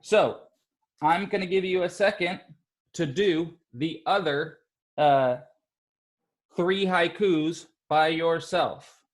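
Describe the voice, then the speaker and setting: A male elementary school teacher leading a class of young children, upbeat and encouraging, sounding out syllables slowly. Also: on the high side.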